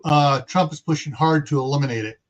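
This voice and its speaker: A man's voice: fairly high pitch, a little fast, highs cut off. A man from California hosting a casual livestream chat, rambling with sarcastic asides. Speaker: host.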